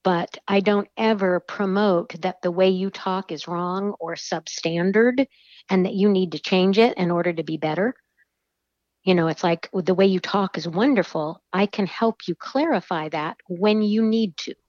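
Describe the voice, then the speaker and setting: Measured woman on lo-fi remote audio. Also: fairly low pitch, a little mellow, dry recording. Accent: General American. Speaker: podcast guest, voice coach. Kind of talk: casual interview talk.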